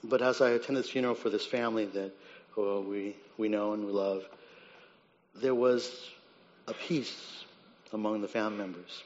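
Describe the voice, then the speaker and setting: A man preaching a sermon, who swings between soft, low reflection and loud, high-pitched dramatic retellings. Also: steady tone, moderate pace. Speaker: pastor. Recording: dull sound with long reverb in a large hall.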